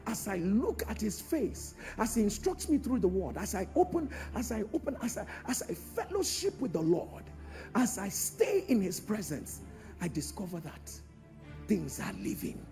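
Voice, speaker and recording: A man preaching a sermon in a large church, calling out to the congregation and swinging from hushed tones to shouts. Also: high voice, very animated, normal speed, soft background music. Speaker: pastor.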